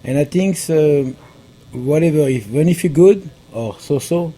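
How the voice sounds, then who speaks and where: A man with a thick French accent, a pastry chef guest, telling his story haltingly with many fillers. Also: a little high, lively intonation, mellow. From France. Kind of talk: conversational interview.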